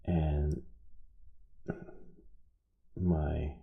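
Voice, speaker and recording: A man's voice: extremely low pitch, little pitch movement, gravelly, narrow, tinny audio. A man hosting a soldering live stream who tells a rambling story while he works. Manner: rambling, halting, with many restarts.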